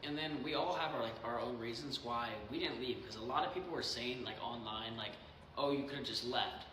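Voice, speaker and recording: A man's voice: medium pitch, fairly quick. A teenage young man explaining his side casually and hesitantly, with many fillers. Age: teens. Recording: echoey hall with background noise.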